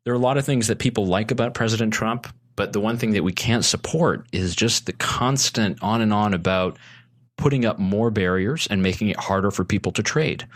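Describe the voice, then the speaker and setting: A man's voice: lowish voice, a little fast. A man talking as a podcast guest, earnest and persuasive, often restarting his sentences. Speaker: guest, consumer advocate. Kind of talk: casual podcast chat.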